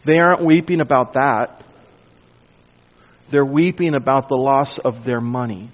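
A man preaching an expository sermon, emphatic and dropping to a hush on key points. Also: medium pitch, measured pace, muffled recording. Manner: emphatic, drops to a hush for weight. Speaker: pastor.

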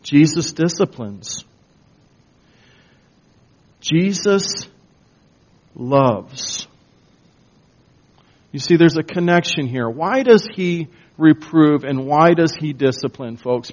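A man delivers a sermon from the pulpit, slow and emphatic, often pushing up into forceful bursts. His voice sits a bit high for a man. The recording sounds dull and lo-fi. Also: animated. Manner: slow, emphatic preaching with rising bursts of intensity. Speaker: pastor.

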